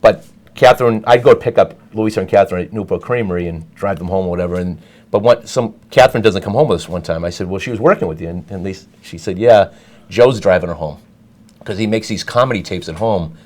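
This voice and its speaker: A man's voice: deep voice, fast talker, a little mellow. A middle-aged man telling a rambling story in casual chat, full of restarts and asides. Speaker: guest storyteller.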